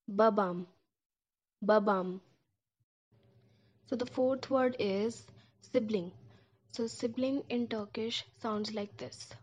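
A woman's voice: on the high side, fairly even intonation, measured pace, darkish tone. A woman teaching a language lesson, saying each word several times and breaking it into syllables. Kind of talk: slow, drilled language lesson. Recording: dull lo-fi recording.

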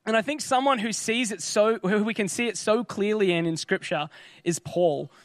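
High-voiced casual male preacher. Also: no room sound. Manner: conversational, animated, quick asides and jokes. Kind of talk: casual sermon.

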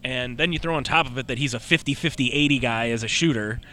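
A man's voice: mid-range voice, quick pace, pushed and bright. A man co-hosting a casual sports podcast, telling stories and acting out what others said. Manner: storytelling, acts out quotes. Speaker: podcast co-host.

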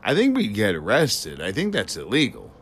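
A man co-hosting a casual chat podcast, joking around with animated, stammering restarts. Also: lowish voice, moderate pace, a little hiss or hum. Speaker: podcast co-host.

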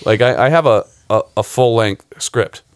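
A man, a film director guesting on a podcast, telling profane, animated stories in casual chat. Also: mid-range voice, normal speed, dry recording, studio quality.

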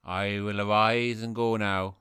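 A man's voice: lowish voice, level tone, a little slow, pushed and bright, smooth, no room sound, studio quality. A man doing a dreamy Irish poet in love. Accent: Irish, Sligo. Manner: wistful, speaks in poetic lines. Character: lovesick older male poet, dreamy, single-minded. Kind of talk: comedy sketch acting.

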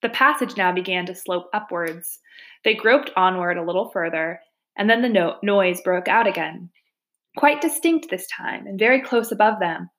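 A woman teacher reading a classic children's story aloud with expressive, measured narration. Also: on the low side.

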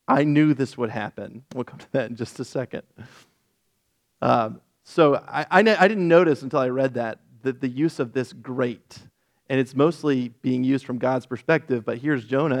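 A male pastor teaching through a Bible passage in a sermon, explaining the text and acting out quoted lines with feeling. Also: medium pitch.

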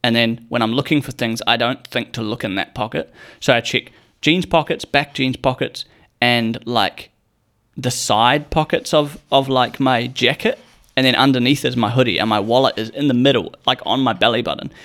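A young man spinning a long, rambling story in casual chat. His voice sits at an ordinary middle pitch, and he swears freely and drops into little acted-out voices for the people he quotes. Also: normal speed, a bit bright.

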